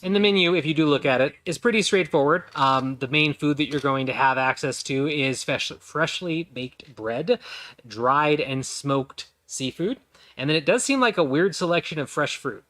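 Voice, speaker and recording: A man's voice: on the high side, lively intonation, moderate pace, fairly bright tone. A man narrating a tabletop game as game master, describing the scene in detail with frequent ums. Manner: descriptive, hesitant with many ums.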